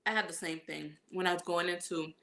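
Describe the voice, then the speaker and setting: A woman's voice: lowish voice, fairly quick. A woman in casual conversation, telling a long anecdote with lots of laughter and quoted back-and-forth. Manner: animated storytelling, acts out quotes, laughs often. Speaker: guest vlogger. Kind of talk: casual chat.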